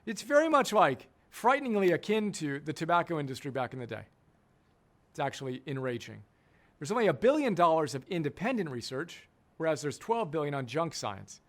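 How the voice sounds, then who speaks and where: A man's voice: on the high side, very animated, a little fast, a bit bright. A middle-aged man, a coach and program founder, giving an emphatic teaching talk and repeating key phrases for effect.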